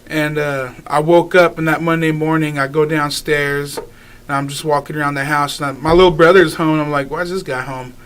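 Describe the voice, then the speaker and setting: A man's voice: a little high, level tone, a little fast, a bit bright, smooth. A young man, a guest singer, talking casually in a radio interview, rambling with lots of filler words and easy laughs. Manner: rambling, many filler likes, laughs easily.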